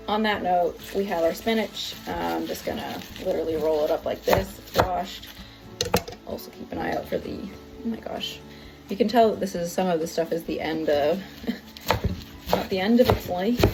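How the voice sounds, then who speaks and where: A woman's voice: medium pitch, creaky. A woman hosting a casual home cooking vlog, chatting and rambling through the steps with lots of fillers and asides. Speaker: cooking channel host. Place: home kitchen. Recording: music in the background.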